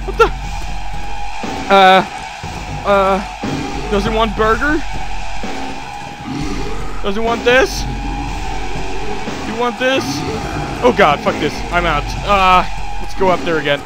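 A young man giving let's play commentary, excitable, swearing and shrieking in fright. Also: sits high. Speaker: gamer. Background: game music.

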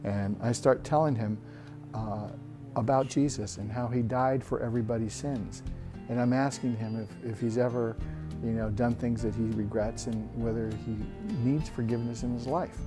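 A man in his thirties telling a personal faith story in an earnest, halting way with frequent restarts. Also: medium pitch, fairly even intonation. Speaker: church member sharing a testimony. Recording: soft guitar music behind. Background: soft guitar music.

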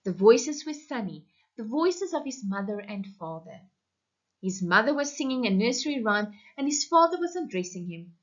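Expressive woman teacher reading aloud. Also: on the high side. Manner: expressive, measured. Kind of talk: reading a story aloud for an online class. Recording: muffled lo-fi recording.

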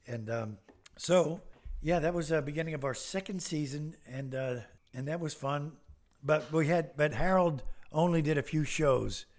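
A man's voice: on the high side, moderate pace. An older man, a comedian guest on a podcast, telling rambling anecdotes with many fillers and restarts. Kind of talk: casual anecdotes.

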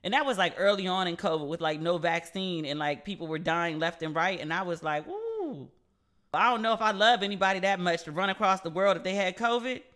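A woman's voice: fairly low pitch, fast, hardly any pauses, a bit bright. A woman hosting her own podcast, talking casually and candidly, with lots of "like" and frequent swearing. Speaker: podcast host. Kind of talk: casual solo podcast chat.

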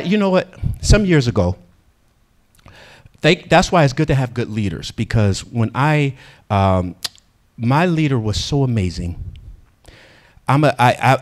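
A man preaching a sermon in an animated way, acting out quotes and laughing between lines. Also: medium pitch.

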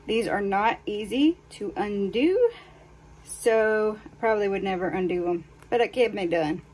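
This haul vlogger's voice is mid-range, a little mellow, and animated yet unhurried as she talks candidly through a clothing try-on. She's somewhat far from the mic, and faint noise sits underneath.

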